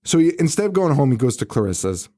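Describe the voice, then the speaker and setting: A man's voice: mid-range voice, fast talker, no room sound, studio quality. A man co-hosting a podcast, recapping a horror movie in casual chat, swearing freely and acting out the characters' lines. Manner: profane, animated, acts out quoted characters. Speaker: podcast co-host.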